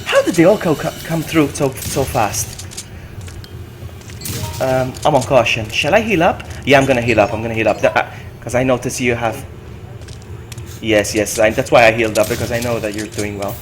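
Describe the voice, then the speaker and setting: A man streaming a co-op game, chatting excitedly with his partner and repeating himself as he reacts. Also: mid-range voice, normal speed, long pauses, a little hiss or hum. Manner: excitable, yelps and laughs often, repeats himself. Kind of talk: excited gaming commentary.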